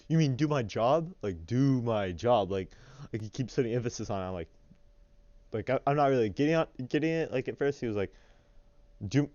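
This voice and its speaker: A young man telling a story in a casual, rambling way, full of fillers and animated retellings. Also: mid-range voice, no echo, highs cut off.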